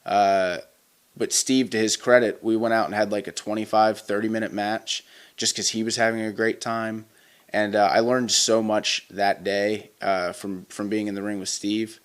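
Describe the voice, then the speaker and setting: A man's voice: lowish voice, flat delivery, moderate pace, clear, resonant tone. A man in his twenties, a wrestler being interviewed, telling stories casually with lots of fillers and restarts. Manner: rambling, many fillers and restarts. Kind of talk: casual storytelling.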